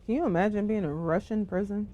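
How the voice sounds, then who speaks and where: Guy with a pretty high voice, jumps in with quick jokes on a podcast. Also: dark tone, muffled recording. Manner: quick joking interjections. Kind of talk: casual chat.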